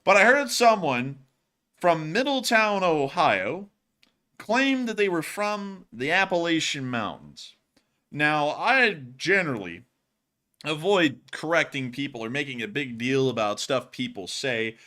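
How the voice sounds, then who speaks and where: A man with a mild drawl chats loosely through a news live stream, joking and rambling as he goes. His voice swings widely in pitch and carries a bright, forceful edge. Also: very animated, a little slow. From Lower Alabama, US. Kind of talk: casual live-stream banter.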